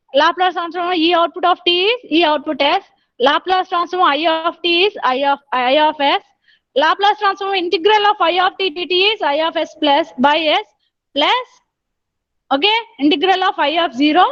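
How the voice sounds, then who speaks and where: Very high-pitched woman lecturing. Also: no echo. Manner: explains step by step, repeats with frequent "okay". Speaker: engineering lecturer. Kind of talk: online lecture. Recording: dull, dry lo-fi recording.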